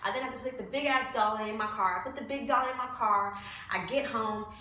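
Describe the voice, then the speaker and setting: High bright woman in an echoey room. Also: fast, distant mic, slight background noise. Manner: heartfelt, swings from hushed to loud and pleading. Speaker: vlogger. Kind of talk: emotional personal storytelling.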